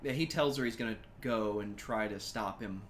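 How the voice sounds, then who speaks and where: A man's voice: on the low side, normal speed, fairly bright tone. A man co-hosting a podcast, offering dry, analytical remarks in casual chat.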